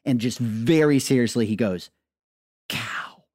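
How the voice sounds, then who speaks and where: A man's voice: medium pitch, normal speed, no room sound, clean studio sound. A man in his thirties hosting a podcast, telling jokey stories about his young son. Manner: joking, animated storytelling. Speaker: podcast host. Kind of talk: casual chat.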